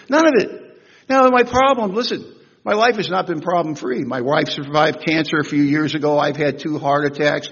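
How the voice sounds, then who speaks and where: Husky man in his sixties, convention speaker; humorous, animated storyteller, booming echo of a big hall. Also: a little fast. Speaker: recovery meeting speaker. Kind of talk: storytelling talk at a recovery convention. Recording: echoey hall, dull lo-fi sound.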